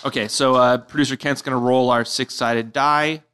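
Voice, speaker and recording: A man's voice: mid-range voice, steady tone, moderate pace, sharp tone, clean tone. A man co-hosting a casual comedy podcast, running a movie game and talking with many fillers and restarts.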